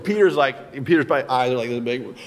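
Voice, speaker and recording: A man's voice: mid-range voice, animated, fast talker. A man preaching a sermon as pastor, speaking conversationally with dramatic emphasis. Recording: long hall reverb.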